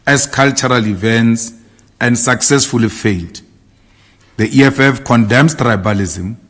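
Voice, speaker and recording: Man giving a political speech. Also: mid-range voice. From South Africa. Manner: declamatory, repetitive rallying cadence. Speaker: party leader giving a statement.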